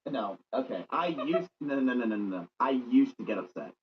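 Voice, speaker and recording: A man's voice: mid-range voice, expressive, normal speed, slight background noise. Teasing streamer guy, lo-fi stream audio. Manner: blunt, teasing. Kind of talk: casual chat.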